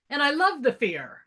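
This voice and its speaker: A woman participant in an online class, casually telling a story in an animated way. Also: mid-range voice. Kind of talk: casual group class talk.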